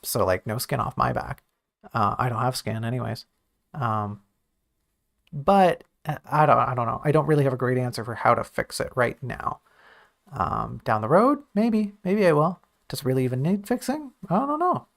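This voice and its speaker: A man with a gravelly, creaky voice talks through his own writing on a casual stream. He thinks aloud and is quick to poke fun at himself. His pitch sits in the middle range for a man. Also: expressive. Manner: thinking aloud, self-critical and joking. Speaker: writer reviewing his own draft on stream.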